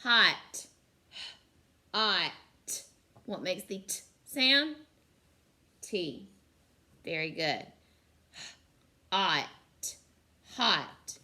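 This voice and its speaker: Teacher lady sounding out little words real slow for kids, bright clear voice. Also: lowish voice, very animated. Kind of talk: slow phonics lesson for young children.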